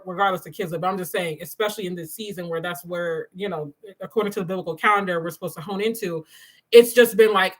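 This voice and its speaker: A woman hosts a casual morning faith talk on a livestream. Her voice is bright and forward, and she chats in a loose, animated way. She often addresses her viewers directly and answers their comments. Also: mid-range voice, rough recording. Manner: chatty and animated, says "y'all" and "you know". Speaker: host of a morning devotional livestream.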